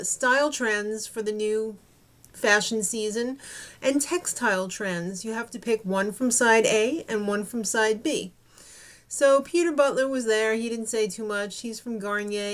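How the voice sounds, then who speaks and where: A woman's voice: a little high, unhurried. A young woman giving a snarky, gossipy recap of a reality show. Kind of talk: casual TV recap commentary.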